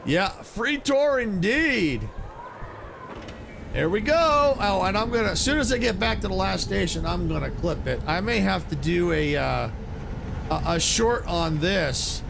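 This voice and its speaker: A man giving casual, excitable commentary while playing a video game, exclaiming and laughing often. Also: sits high, normal speed, vocal fry, noisy background. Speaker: gaming streamer.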